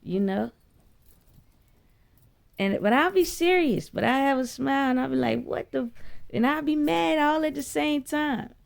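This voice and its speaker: Slow, gravelly-voiced woman telling a story. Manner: profane, blunt, chatty; jumps high when quoting herself. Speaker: vlogger. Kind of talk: casual spiritual storytelling monologue.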